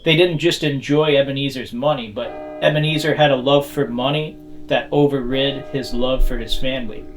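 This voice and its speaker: A man's voice: mid-range voice, steady tone, normal speed, over music. A man from Canada reviewing a beer in a comedic vlog, ranting profanely and laughing often.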